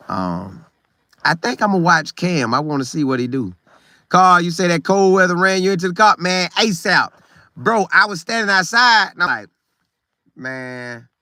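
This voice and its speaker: A middle-aged man hosts a casual live stream and reads viewer comments aloud. His voice sits a little high and has a bright, forceful edge. He talks loosely and repeats phrases for emphasis, and the sound is dry and close. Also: dry recording. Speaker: show host reading live chat. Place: Florida.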